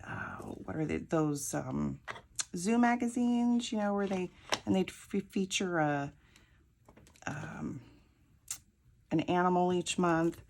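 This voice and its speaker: A woman crafting and telling a rambling, chatty story, laughing often. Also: on the low side. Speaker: crafting vlogger. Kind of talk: casual storytelling while crafting.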